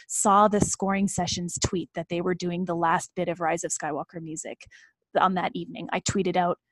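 A woman's voice: fairly low pitch, little pitch movement, normal speed, no echo. A woman in her thirties co-hosting a casual chat, talking in an earnest, emphatic and effusive way. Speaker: podcast co-host.

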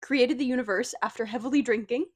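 A woman's voice: fairly high pitch, quick pace, darkish tone. A young woman from Missouri co-hosting a podcast, reading out her notes in a dry, matter-of-fact way. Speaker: podcast co-host. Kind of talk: casual chat.

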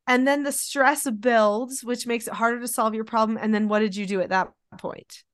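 Mom host chatting away, kinda high voice, super dry close sound. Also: female voice, normal speed, clean tone, no room sound. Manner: chatty, animated, acts out quotes. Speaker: podcast host, mother. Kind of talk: casual conversation.

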